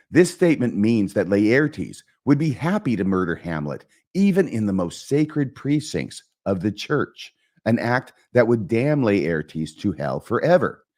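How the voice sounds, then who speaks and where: A man with a low voice hosts a literature lesson. He explains the verse line by line with lively, animated intonation. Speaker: host.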